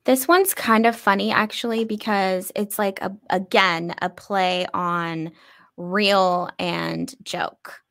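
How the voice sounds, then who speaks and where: A woman co-hosting a casual chat podcast, chatty and quick to laugh as she reads out items. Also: mid-range voice, steady tone, fairly bright tone. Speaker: podcast co-host.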